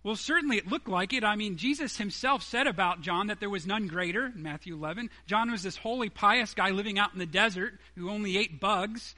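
A man's voice: high voice, brisk, hardly any pauses, sharp tone. A man preaching a sermon, emphatic, acting out quoted dialogue from the story.

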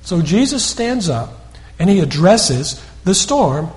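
High-voiced man preaching a sermon. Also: very animated, slow pace, darkish tone. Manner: conversational storytelling, repeats words and restarts.

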